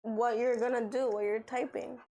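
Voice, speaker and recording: A young woman with a slightly high voice talks casually on a livestream. She explains the rules of a party game in a loose, chatty way, full of fillers. Her delivery is relaxed and everyday. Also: normal speed, poor audio.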